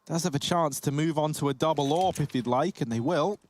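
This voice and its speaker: A man casting live esports, animated in the play-by-play and joking with his co-caster. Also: a little high, fairly quick, slight background noise. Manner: animated, jokey banter. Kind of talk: live play-by-play commentary and banter.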